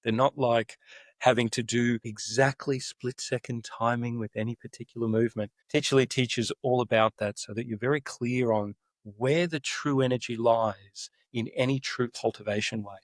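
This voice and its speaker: A man speaking as a podcast guest, earnest and enthusiastic as he lays things out step by step. His pitch is an everyday middle register, and the recording is close and dry. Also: fairly even intonation, moderate pace, no echo. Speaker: guest, spokesperson for a spiritual practice. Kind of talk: earnest explanation in conversation.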